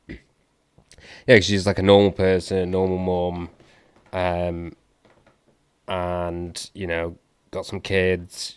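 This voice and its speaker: A man's voice: sits low, no echo. A man hosting a live stream, reacting to a clip with puzzled questions and thinking aloud. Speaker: livestream host reacting to a clip. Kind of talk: casual live commentary.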